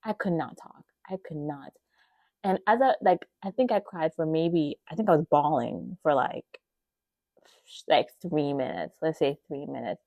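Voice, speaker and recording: A woman hosting a podcast, telling her faith testimony in an emotional, animated way, with gasps and many casual fillers. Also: deep voice, moderate pace, no room sound, dull audio. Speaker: podcast host.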